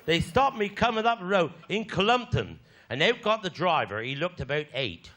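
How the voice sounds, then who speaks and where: A male stand-up from Cornwall, England, with a lively high voice at normal speed, tells raunchy rural tales on stage and fires back at hecklers. It's a live theatre show, and the audience laughs and makes plenty of noise.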